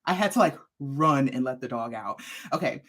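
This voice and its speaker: A woman's voice: a bass voice, lively intonation, normal speed, a bit bright. A woman, hosting a casual livestream from her messy home craft room, chatty and a little out of breath. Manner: bubbly, chatty, greets viewers by name. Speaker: crochet designer and livestream host.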